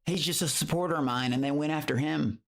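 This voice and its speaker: A grown man streaming live, chatting loosely with his viewers in a rambling, profane way and jumping into a higher, excited voice when he greets them. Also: fast, vocal fry. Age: adult. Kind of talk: casual livestream chat.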